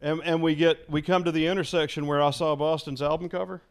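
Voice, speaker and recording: A man, a former radio DJ, telling a story in casual chat, animated and laughing often, imitating voices. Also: on the high side, quick pace, clean tone.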